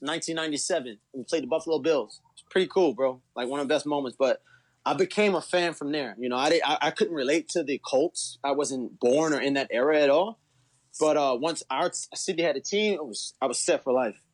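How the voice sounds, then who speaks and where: A man's voice: fairly high pitch, fairly quick. A man from Baltimore with a Baltimore accent, talking eagerly as a guest on a sports podcast. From Baltimore, USA. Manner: enthusiastic, talkative, says "bro". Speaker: guest fan. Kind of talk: casual sports podcast chat.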